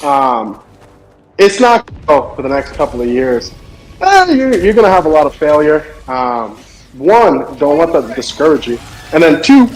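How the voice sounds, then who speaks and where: A man's voice: on the high side, sing-song, moderate pace, a little mellow. A young man streaming, telling a funny story in casual chat and laughing often. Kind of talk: casual storytelling while gaming.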